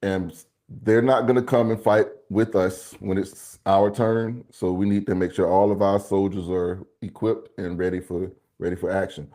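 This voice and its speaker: A man co-hosting a podcast in casual chat, joking around and quick to laugh. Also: low-pitched, flat delivery, dark tone. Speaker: podcast co-host.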